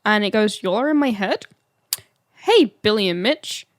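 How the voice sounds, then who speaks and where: Woman cohosting a podcast, laughs a lot and swears, mid-pitched voice, dry close sound. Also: animated, measured pace, no echo. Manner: laughing, swears freely while telling stories. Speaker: podcast co-host. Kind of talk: casual chat.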